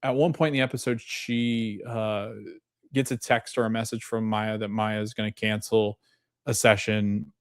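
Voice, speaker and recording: A man hosting a podcast, chatting casually through a TV episode recap with animated retelling and frequent restarts. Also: lowish voice, normal speed, clear, resonant tone, dry recording, studio quality. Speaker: podcast host.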